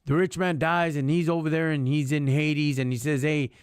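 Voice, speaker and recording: A man's voice: fairly high pitch, level tone, moderate pace, smooth, dry recording, studio quality. A man giving an impassioned faith talk on a live stream, preachy, in street slang, dropping in Spanish words. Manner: preachy, street slang, calls listeners homie and dog.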